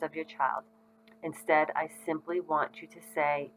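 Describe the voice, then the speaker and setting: A woman's voice: deep voice, flat delivery, measured pace, a little hiss or hum, poor audio. A middle-aged woman giving parents advice in a casual, conversational way, with frequent ums. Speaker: parenting educator. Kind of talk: casual instructional talk to parents.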